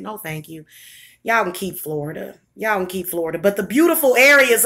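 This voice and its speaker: A woman venting angrily in a profane vlog rant, with bursts of shouting. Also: medium pitch. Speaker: vlogger. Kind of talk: angry ranting vlog.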